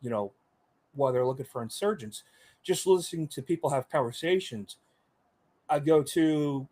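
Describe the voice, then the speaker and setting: A man's voice: fairly high pitch, normal speed, darkish tone. Veteran guest, middle-aged man, chatty and rambling, plain everyday voice. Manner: rambling, many fillers, voices others in quotes. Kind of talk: casual storytelling in an interview.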